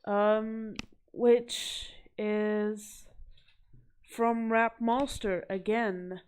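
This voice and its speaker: A woman's voice: mid-range voice, level tone, extremely slow, a little mellow, clear, resonant tone. A young woman chatting casually to camera as she shows off art she collected, rambling and poking fun at herself. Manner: rambling, self-deprecating, chatty. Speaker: vlogger showing art.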